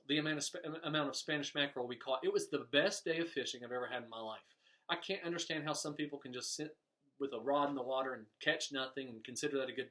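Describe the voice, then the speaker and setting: A man preaching a sermon, telling stories in an animated way and pointing the lesson back to his listeners. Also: mid-range voice. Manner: storytelling preacher, animated, voices quoted characters. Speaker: pastor.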